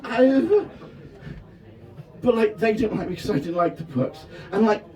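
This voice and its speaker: A man in his thirties from Devon performing a self-deprecating stand-up set at a festival tent, often shouting his punchlines. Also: sits high, lively intonation, measured pace, far from the mic. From England (Devon). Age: 30s. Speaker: stand-up comedian. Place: festival tent with a live audience.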